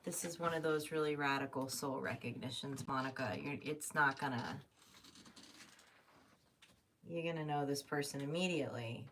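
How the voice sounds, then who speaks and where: A woman's voice: a bass voice, a little fast, fairly bright tone. A woman giving a live tarot reading, thinking aloud and emotional, swearing casually. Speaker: tarot reader. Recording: distant mic with faint noise.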